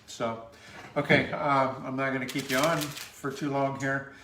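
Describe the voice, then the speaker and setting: A man's voice: medium pitch, flat delivery, a little slow, echoey room, noisy background. A man co-hosting a casual cooking stream from a home kitchen, explaining steps with many fillers. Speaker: cooking show co-host. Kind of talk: casual recipe instructions.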